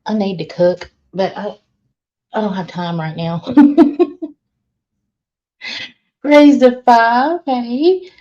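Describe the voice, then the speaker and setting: A woman's voice: fairly high pitch, extremely slow, long pauses, dark tone. A woman hosting a casual live stream, greeting viewers one by one and laughing often. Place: laundry room. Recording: dull lo-fi stream audio.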